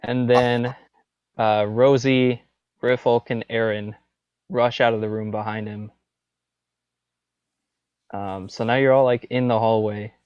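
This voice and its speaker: A man runs a tabletop game at an unhurried pace and a mid pitch. His narration is loose and full of fillers. The audio is dull and dry, with no room sound. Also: fairly even intonation, a little mellow, smooth, dry recording. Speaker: game master.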